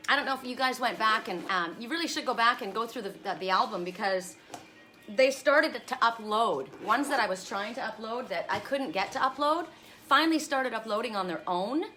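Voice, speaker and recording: A woman's voice: a little high, animated, brisk, pushed and bright, soft background music. A middle-aged woman chatting to viewers on a live stream from outdoors, rambling and friendly as she reads oracle cards. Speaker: oracle card reader hosting a live stream. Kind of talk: casual live-stream chat. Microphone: phone camera.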